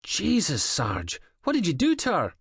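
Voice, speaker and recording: Audiobook: male narrator as a panicked armed cop on the radio, loud and clipped, pitched up. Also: huge pitch swings, measured pace, breathy edge, no room sound, studio quality, full character voice. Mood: urgent. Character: male armed police officer, urgent, shouting on radio.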